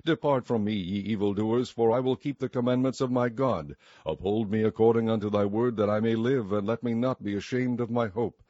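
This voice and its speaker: A man with a fairly low voice reads scripture in a measured, solemn way. The recording sounds dull and lo-fi, and the voice is very dry, with no room around it. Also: warm tone, no room sound. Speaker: scripture reader.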